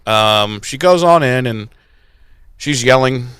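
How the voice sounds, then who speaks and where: A man's voice: medium pitch, takes it slowly, smooth, no echo, clean studio sound. A man co-hosting a podcast, recapping an episode in casual, jokey, profane chat. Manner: animated, jokey, profane, puts on silly voices. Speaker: podcast co-host.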